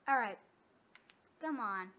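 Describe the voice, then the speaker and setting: A woman giving casual gameplay commentary, excitable and often gasping or squealing. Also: fairly high pitch, slow. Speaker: gamer. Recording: dull lo-fi sound with faint noise.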